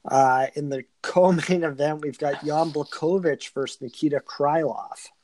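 A man's voice: on the high side, steady tone, unhurried, a little mellow, no room sound. A man co-hosting a podcast, running through fight news in a matter-of-fact way. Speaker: podcast co-host. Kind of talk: casual news rundown.

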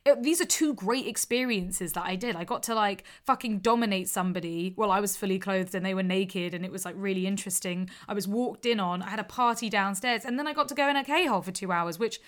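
A woman's voice: mid-range voice, fast talker, few pauses, a bit bright. A woman from the UK, a guest who directs ethical films, talking in a blunt, candid and sweary way. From United Kingdom. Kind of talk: casual interview chat.

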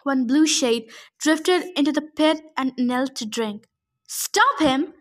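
High-voiced woman reading a novel. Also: unhurried. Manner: steady reading with small slips. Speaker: audiobook reader. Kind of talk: first-person novel narration.

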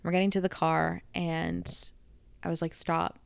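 Chatty young woman with gravelly voice. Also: fairly low pitch, unhurried, no echo. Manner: chatty, animated retelling with quoted dialogue. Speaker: vlogger. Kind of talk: casual storytelling.

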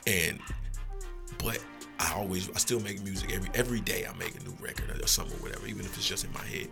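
A man's voice: deep voice, huge pitch swings, quick pace, gravelly, over music. A man, a rapper guest, telling rambling, profane stories in a laid-back casual way. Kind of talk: casual storytelling.

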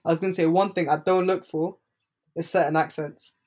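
A man's voice: fairly high pitch, brisk. A young man, chatting casually and teasing his friends in slang. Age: young adult. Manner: animated, teasing, London slang. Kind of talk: casual chat.

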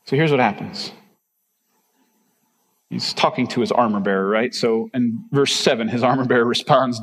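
A man's voice: medium pitch, fairly even intonation, normal speed, pauses often, husky. A male pastor giving a conversational, emphatic sermon full of rhetorical questions. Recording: reverberant hall.

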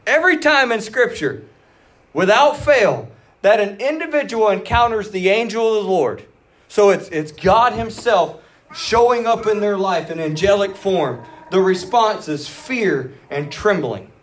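A man preaching a sermon in an animated, dramatic way, acting out the quoted words. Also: high-pitched, a little slow. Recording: roomy, voice from a distance.

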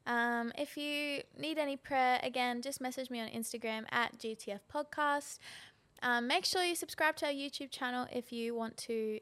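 Young woman, faith podcast host, slightly high voice, earnest and casual, rambles a bit. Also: a bit bright. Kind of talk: faith podcast talk with prayer.

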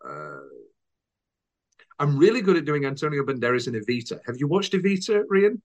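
This man hosts a podcast, telling rambling anecdotes in casual chat, restarting often and doing silly voices for quotes. His fairly high voice swings widely in pitch and runs a little fast.

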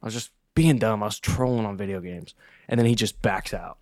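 A man's voice: on the low side, brisk, a little mellow, no room sound, clean studio sound. A young man hosting a podcast in casual chat, rambling and cutting himself off while he laughs through a story. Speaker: podcast host.

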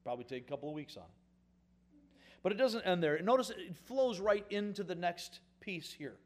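Slightly high-voiced man preaching a folksy sermon. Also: expressive, normal speed. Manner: conversational, folksy asides to the congregation; rises in pitch and volume for emphatic points, drops to quiet asides. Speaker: pastor.

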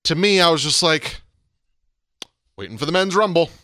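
A man's voice: fairly high pitch, sing-song, normal speed, sharp tone, dry recording, clean studio sound. A man co-hosting a podcast, chatting casually and animatedly, his voice climbing to emphatic peaks. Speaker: podcast co-host. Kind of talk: casual wrestling chat.

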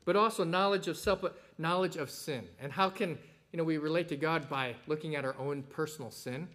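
A man's voice: on the high side, a little fast, fairly bright tone. A man preaching a sermon in a conversational way, with many fillers and occasional rises in emphasis.

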